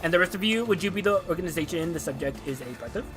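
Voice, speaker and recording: A man voicing a stern corporate enforcement officer who reads out a formal arrest in a measured, bureaucratic way. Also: sits high, expressive, music in the background.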